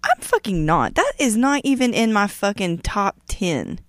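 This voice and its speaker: A woman co-hosting a podcast in casual chat, blunt and animated, swearing a lot. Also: medium pitch, a little slow, no echo, clean studio sound. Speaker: podcast co-host.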